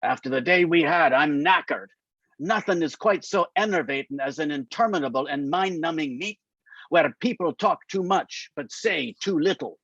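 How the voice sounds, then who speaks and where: A man reading aloud as a gruff, teasing older man with a dry, mocking manner. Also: on the high side, normal speed, fairly bright tone, no echo. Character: gruff, teasing older Scottish male politician. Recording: muffled lo-fi dry sound.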